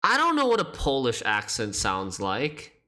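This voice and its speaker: A man's voice: mid-range voice, huge pitch swings, measured pace, pushed and bright. A man streaming a game, thinking aloud as he works through a puzzle and questions himself.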